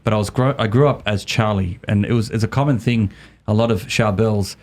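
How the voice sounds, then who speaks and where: Man, middle-aged, lowish voice, animated storytelling, repeats words. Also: brisk. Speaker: guest. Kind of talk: casual storytelling.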